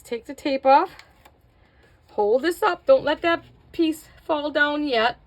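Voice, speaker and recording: Middle-aged woman, fairly high voice, casual craft tutorial host, chatty and self-mocking. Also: takes it slowly. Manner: chatty, self-mocking, talks to viewers while working.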